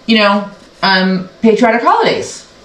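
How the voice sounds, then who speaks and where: A woman's voice: medium pitch, big pitch swings, a little slow. A woman hosting a quilting channel, chatting casually and rambling as she sews along, often breaking off mid-sentence. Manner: chatty, rambling, self-interrupting. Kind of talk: casual sew-along chat. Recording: echoey room with faint background noise.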